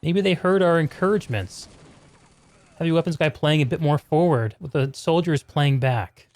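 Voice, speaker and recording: A man's voice: on the high side, moderate pace, a little mellow. A man hosting a live stream and commentating a competitive video game match, chatty and upbeat, calling the viewers "y'all".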